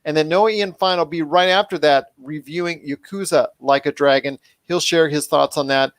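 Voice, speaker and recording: A man's voice: fairly high pitch, fairly even intonation, normal speed, clear, resonant tone, no echo. A man hosting a pop culture podcast, talking enthusiastically and rambling with restarts. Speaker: podcast host. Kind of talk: casual podcast chat.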